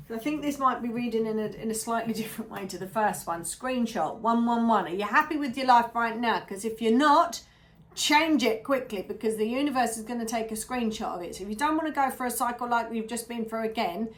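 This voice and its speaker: A woman giving a chatty, animated tarot reading, often checking in with the listener. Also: on the high side. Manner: chatty, animated, keeps asking "yeah?". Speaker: tarot reader.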